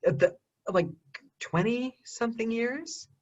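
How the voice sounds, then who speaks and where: American woman, host, lively up-and-down voice, chatty, muffled lo-fi audio. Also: fairly high pitch. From United States. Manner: chatty, quick, laughs often. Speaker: podcast host. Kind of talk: casual video-call chat.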